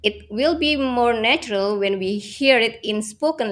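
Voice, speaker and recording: Woman co-hosting a language chat, lots of yeah and mm-hmm, mid pitch. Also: moderate pace, few pauses, fairly bright tone. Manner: brief encouraging backchannels. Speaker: podcast co-host. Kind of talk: casual educational chat.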